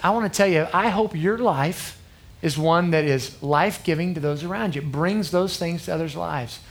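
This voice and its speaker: A man in his thirties gives a sermon to a youth group, his voice sitting a little high. He speaks earnestly and conversationally, often pausing to check in with the crowd. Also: a bit bright. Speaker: youth pastor.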